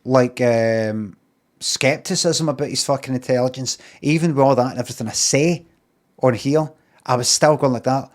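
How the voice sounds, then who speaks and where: A man's voice: mid-range voice, moderate pace. A Scottish man streaming, talking in a rambling, sweary way with lots of ums and uhs. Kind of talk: casual rambling monologue.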